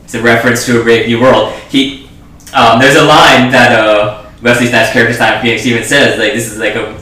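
A man's voice: medium pitch, steady tone, fairly quick, sharp tone. A man discussing a film in casual talk, rambling with lots of fillers and restarts. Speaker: film podcast co-host. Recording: echoey room, voice far from mic.

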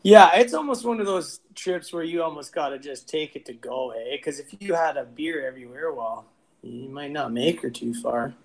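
This man's voice is a little high and moves at a moderate pace, captured on a low-quality recording. He's a laid-back brewery owner chatting casually on a video call for an interview, laughing easily and saying "man" often.

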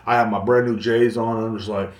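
Man, podcast host, rambling profane storytelling, lowish voice, echoey room, off-mic. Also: little pitch movement, fast talker. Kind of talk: casual storytelling. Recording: roomy, distant mic.

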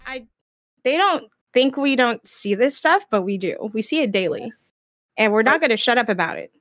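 A woman's voice: fairly high pitch, sing-song, moderate pace, fairly bright tone, no echo, clean studio sound. A woman streamer speaking frankly and with passion in a casual panel discussion. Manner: impassioned, frank and blunt.

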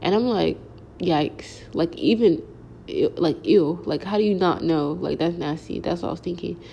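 A young woman spins a casual storytime, her voice low and dark with a gravelly fry running through it. She rambles loosely, packing her talk with slang and filler words. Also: fairly quick, a little hiss or hum. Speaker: vlogger.

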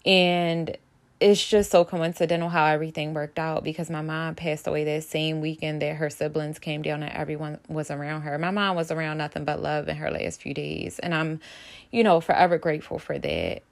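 A woman's voice: low-pitched, normal speed, creaky. A young woman talking straight to her viewers about a painful loss, earnest and emotional, holding back tears. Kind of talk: personal vlog about grief.

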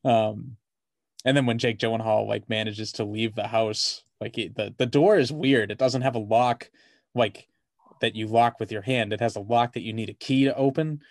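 A man's voice: lowish voice, steady tone, normal speed, no room sound. Chatty man with a dry, close sound. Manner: rambling, lots of "like", swears freely. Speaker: podcast co-host. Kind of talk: casual movie discussion.

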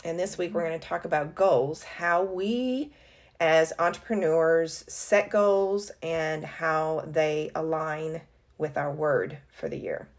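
A woman's voice: deep voice, slow pace. A woman co-hosting a casual business podcast, talking conversationally with fillers and self-corrections. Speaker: podcast co-host.

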